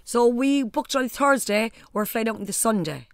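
A middle-aged Irish woman telling a family story on a podcast in a casual, animated way with blunt asides. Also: on the high side, moderate pace, no echo, clean studio sound. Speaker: guest, the host's mother.

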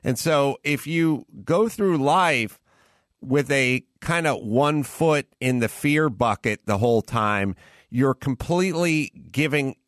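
A man's voice: medium pitch, lively intonation, slow, no echo, clean studio sound. A man hosting a podcast, talking bluntly in a casual advice style and often repeating words as he starts a sentence. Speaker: podcast host.

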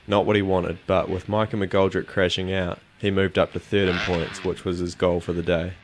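A man giving calm, measured scripted narration for a race documentary. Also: sits low, background noise. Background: music.

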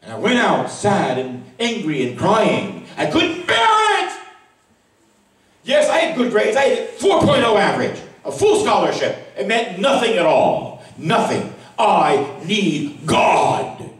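A man, a priest, giving an emotional sermon that drops to a hush and rises to cries. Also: sits high, huge pitch swings, measured pace. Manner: emotional testimony, voice swinging from hushed to cries. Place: large church at a retreat Mass. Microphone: far camera recording. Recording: echoey church from far off.

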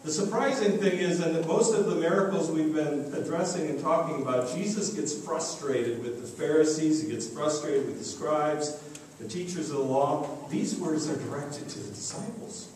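A man's voice: a little high, normal speed, darkish tone. A man preaching a sermon as pastor, telling a story and acting out the voices in it. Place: church sanctuary. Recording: echoey church, distant mic, faint noise.

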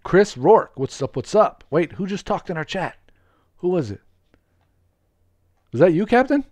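Excitable man streaming a game live. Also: high voice, moderate pace, dry recording. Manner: excitable, greets viewers, laughs often. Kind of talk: live gameplay commentary with viewers.

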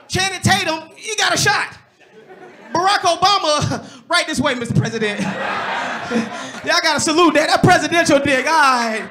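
A man performing a loud, animated stand-up set on a comedy club stage, jumping into shouted voices as he tells a story. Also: extremely high pitch.

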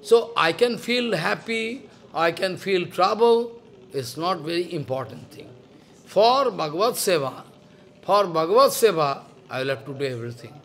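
A man's voice: high voice, expressive, moderate pace. Older man giving an emphatic devotional lecture. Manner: broken English, repetitive, emphatic. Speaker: spiritual teacher.

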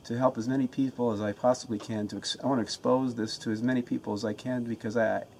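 An earnest man talks to his camera at home, fired up and eager to share a self-help routine. His voice sits at an ordinary middle pitch, and he often restarts and repeats his words. A faint hiss runs beneath the recording. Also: fairly even intonation, fast talker, darkish tone. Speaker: motivational vlogger.

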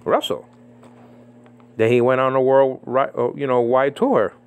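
A man giving casual spoken commentary on a religious debate, animated and mocking, with many fillers and repeated phrases. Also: mid-range voice, unhurried. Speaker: Bible commentator. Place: living in the Philippines.

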